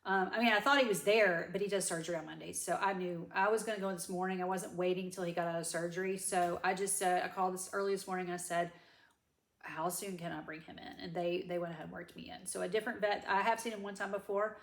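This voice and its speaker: A woman's voice: on the low side, fairly even intonation, fast, vocal fry, few pauses, roomy sound. A woman, crying as she gives a rambling personal update to her viewers. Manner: rambling, self-correcting, Southern "y'all". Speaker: vlogger. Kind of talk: tearful personal update to camera.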